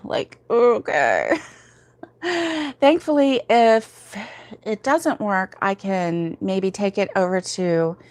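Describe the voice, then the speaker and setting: A woman's voice: mid-range voice, dry recording. A woman hosting a casual crochet livestream, rambling and laughing as she answers viewers' comments, sleepy and yawning, talking from home. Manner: chatty and rambling, many fillers, laughs often.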